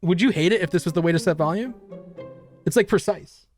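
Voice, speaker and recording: A man's voice: sits high, a little fast, a little mellow, soft background music. A middle-aged man hosting a casual meme review, rambling and wisecracking with crude asides. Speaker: host.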